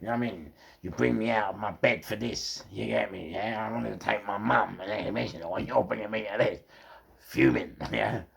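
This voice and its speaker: A middle-aged man with a London accent telling rough stories casually, swearing heavily and repeating words for emphasis. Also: on the low side, brisk, few pauses, a bit bright. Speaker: storyteller. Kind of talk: casual storytelling.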